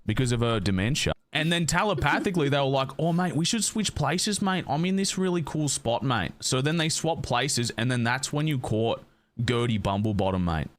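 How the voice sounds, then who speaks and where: A man's voice: mid-range voice, animated, normal speed, natural voice. Man doing a blustering Aussie bloke. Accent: overdone Australian. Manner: says mate after every phrase, blustering storyteller. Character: bloke spinning a tall tale in a crime role-play.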